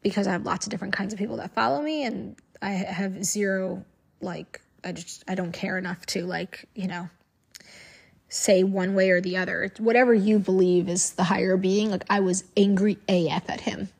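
A woman's voice: medium pitch, fairly even intonation, moderate pace, gravelly, breathy edge. A woman who makes online videos, speaking frankly and emphatically to camera and repeating phrases for force. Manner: frank and outspoken. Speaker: social media creator. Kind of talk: candid to-camera monologue.

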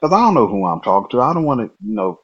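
A man from Nebraska tells a story as a podcast guest, animated and laughing often as he acts out what people said. His voice is low and husky. The recording sounds muffled and lo-fi. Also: racing. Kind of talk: casual storytelling.

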